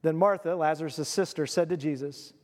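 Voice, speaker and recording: A male pastor preaching a sermon, telling the story with animated, acted-out voices. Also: on the high side, fairly quick, big-room sound.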